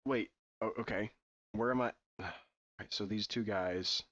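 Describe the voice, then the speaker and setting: A man's voice: on the low side, a little slow, a bit bright, lo-fi sound. A man playing a text adventure, reading the game's text aloud and breaking off for sarcastic, puzzled asides. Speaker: let's-play gamer.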